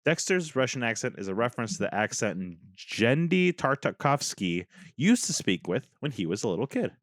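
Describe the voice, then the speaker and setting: A man's voice: mid-range voice, sing-song, normal speed, no room sound, clean studio sound. A man co-hosting a podcast, chatting casually, cursing freely and jokingly reading things aloud from his screen. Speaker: podcast co-host. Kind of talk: casual chat.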